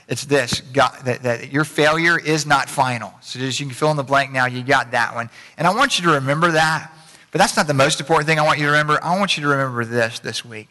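A man's voice: fairly high pitch, pushed and bright, long reverb tail. A man preaching a casual, conversational sermon as pastor, with a folksy habit of repeating phrases. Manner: folksy, repeats phrases, speeds up and slows down for emphasis. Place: church sanctuary.

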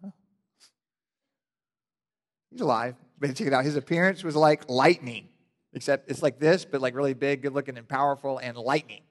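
A male pastor preaching a sermon, telling the story animatedly and building to loud, passionate emphasis. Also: medium pitch, brisk. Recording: long hall reverb.

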